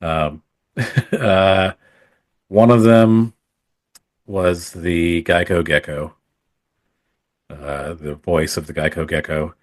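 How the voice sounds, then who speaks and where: A man's voice: sits low, steady tone, takes it slowly, pauses often, no room sound, studio quality. A man who is a podcast guest, telling stories from his acting days in casual talk, rambling with many fillers and restarts. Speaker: podcast guest, photographer and former actor. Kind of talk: casual storytelling in conversation.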